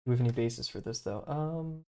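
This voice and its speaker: A man's voice: medium pitch, quick pace, warm tone. A man streaming himself drawing, thinking aloud in a rambling, hesitant way with lots of fillers and small self-deprecating laughs. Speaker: streamer learning to draw.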